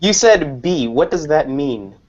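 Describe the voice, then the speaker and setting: A man teaching an online English class, explaining patiently and slowly with examples. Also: on the high side, lively intonation, darkish tone, highs cut off.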